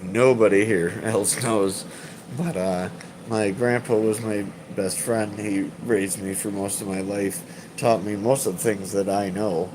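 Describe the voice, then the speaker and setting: Slow-talking man in his thirties, noisy room. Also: on the low side, steady tone. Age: 30s. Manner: rambling, swearing, halting with fillers and repeats. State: emotional, choked up. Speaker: live streamer. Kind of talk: casual live-stream chat.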